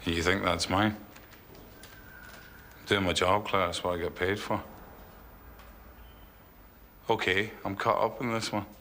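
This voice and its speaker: Tired, defensive detective: low voice, bright edge, terse. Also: male voice, steady tone, measured pace, pauses often, slight background noise, exaggerated voice. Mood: weary. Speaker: police detective. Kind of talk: TV police drama acting.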